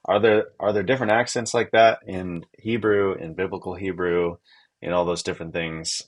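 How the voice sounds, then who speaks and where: A man co-hosting a podcast, chatting casually, thinking out loud and laughing easily. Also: sits low, steady tone, moderate pace. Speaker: podcast co-host. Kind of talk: casual conversation.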